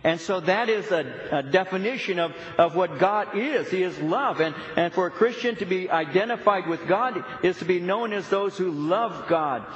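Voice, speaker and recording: A man's voice: high-pitched, moderate pace, few pauses. A middle-aged man preaching a sermon as a pastor, earnest and emphatic, with frequent repetitions. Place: church sanctuary. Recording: echoey, dull church recording.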